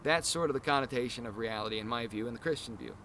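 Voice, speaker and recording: A man's voice: medium pitch, quick pace, fairly bright tone, a little hiss or hum. A man hosting a casual podcast chat, talking in long, earnest, rambling explanations. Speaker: podcast host.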